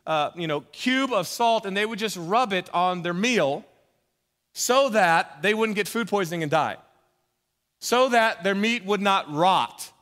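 High-voiced pastor preaching in a hall. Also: male voice, animated, measured pace, fairly bright tone. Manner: conversational, jokey asides, emphatic. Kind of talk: sermon.

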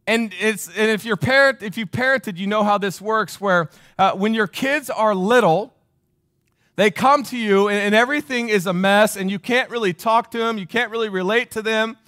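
Forty-something male preacher, higher voice, repeats lines and quizzes the congregation. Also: moderate pace, bright, forceful tone, dry recording, studio quality. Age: 40s. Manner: emphatic, repeats phrases, asks the crowd questions. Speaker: pastor. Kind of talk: sermon.

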